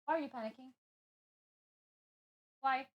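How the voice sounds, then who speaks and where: A woman's voice: sits high, unhurried, lo-fi sound. A young woman streaming live, chatting casually as she works and playfully scolding her cat. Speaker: VTuber streamer. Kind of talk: casual livestream chat.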